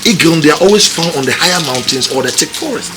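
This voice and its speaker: An actor playing a stern elder father who lectures slowly with proverbs and mixes Twi and English. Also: a little high, lively intonation, heavy background noise, lightly acted. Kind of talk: film drama acting. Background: food sizzling in a pan.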